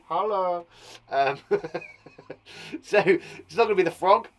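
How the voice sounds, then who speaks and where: A man's voice: on the high side, animated, a little fast. A man teaching young children online, chatty and thinking aloud as he acts out the sounds of words. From England. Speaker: primary school teacher.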